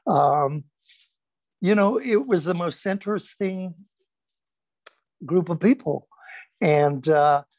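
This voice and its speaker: Speaking slowly with frequent pauses and a fairly high pitch, an older man who is a pastor shares stories from his past in a recorded conversation. He animates his anecdotes by performing the voices of those he quotes, often using fillers and restarting sentences. The audio has no echo.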